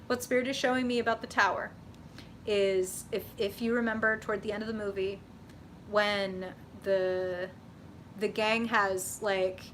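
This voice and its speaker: A young woman hosting a live tarot reading, chatting with viewers in an animated, casual way, swearing freely and saying "like" often. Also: mid-range voice, measured pace, a little hiss or hum.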